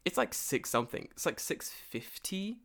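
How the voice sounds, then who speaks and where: Animated, swearing man telling a story. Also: high voice, moderate pace, gravelly. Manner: animated, acts out both sides of a phone call, laughs often, swears a lot. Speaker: storyteller in a conversation. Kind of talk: casual profane storytelling chat. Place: lives and works in Japan.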